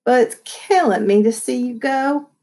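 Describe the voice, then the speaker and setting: A woman reading the lines of a large, warm foster mother who speaks softly in a folksy dialect. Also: medium pitch, unhurried, natural voice. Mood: tearful. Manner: soft, tender, folksy dialect.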